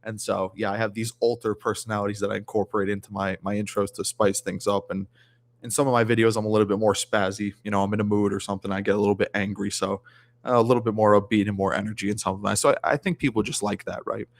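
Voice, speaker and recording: Man, low voice, casual livestream chat, rambling, fillers. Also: fairly even intonation, quick pace, vocal fry. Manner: rambling, many fillers and restarts. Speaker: guest streamer.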